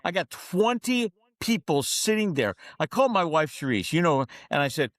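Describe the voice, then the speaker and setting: A man's voice: on the high side, fairly quick, hardly any pauses, dry recording, clean studio sound. A middle-aged man telling stories as a guest on a podcast interview, acting out the voices of people in his anecdotes. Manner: animated storyteller, acts out dialogue. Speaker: guest, keynote speaker.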